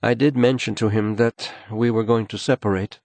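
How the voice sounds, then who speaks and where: A man's voice: on the low side, steady tone, moderate pace, vocal fry, no room sound, pitched above the performer's own voice. A man voicing a tense, frightened wife and mother in an audiobook, talking sharply and anxiously. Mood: subdued. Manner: sharp and anxious, rising into anger.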